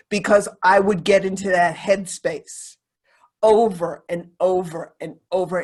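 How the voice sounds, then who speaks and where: A woman speaking candidly and confessionally as a podcast guest, circling back and repeating phrases as she talks. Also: on the low side. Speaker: podcast guest, sensuality teacher. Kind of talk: candid conversational podcast talk.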